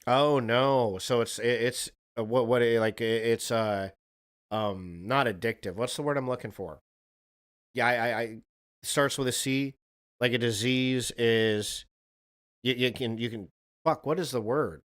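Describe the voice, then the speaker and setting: A man's voice: medium pitch, measured pace, fairly bright tone. A man live-streaming a casual reaction chat, rambling, swearing and talking to a viewer in chat.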